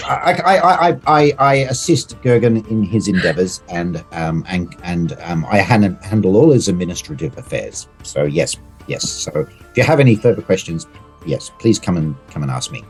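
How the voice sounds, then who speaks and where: A man's voice: low voice, expressive, normal speed, husky, faint music behind, exaggerated voice. A man voicing a fussy, officious male gnome clerk who stammers over his words.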